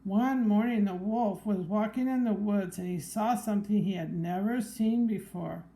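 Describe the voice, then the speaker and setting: A woman reading a picture book aloud to a child, gently pointing out the pictures. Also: mid-range voice, moderate pace, rough recording. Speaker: storybook reader.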